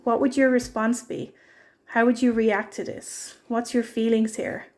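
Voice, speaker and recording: Woman's gentle devotional message. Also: fairly high pitch, level tone, measured pace. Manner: earnest storytelling. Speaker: church speaker.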